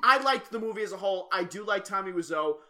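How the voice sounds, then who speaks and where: A man co-hosting a podcast in casual chat, telling animated stories, swearing and acting out quotes. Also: high voice, fast talker. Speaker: podcast co-host.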